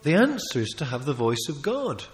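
A man preaches with a fairly high voice that rises and falls dramatically, emphatic and full of restarts and quick asides. His voice rings with the long reverb of a big hall. He sounds like a preacher working a congregation. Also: very animated. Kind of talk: sermon.

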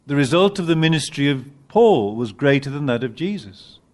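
Male preacher, sermon delivery, animated, emphatic peaks, halting restarts, lively intonation. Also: on the high side. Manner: halting restarts while finding words.

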